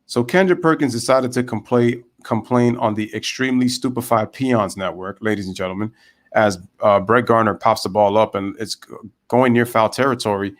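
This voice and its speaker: A man's voice: on the low side, moderate pace. Ranting man calling a game. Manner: animated, ranting, chatty with viewers. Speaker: live baseball commentator and streamer. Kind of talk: casual live play-by-play with rants.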